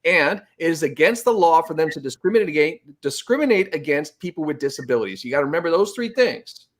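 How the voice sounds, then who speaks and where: A man's voice: fairly high pitch, lively intonation, fast. A man in heated casual conversation, preachy and profane, often stumbling over repeated words as he pushes his point.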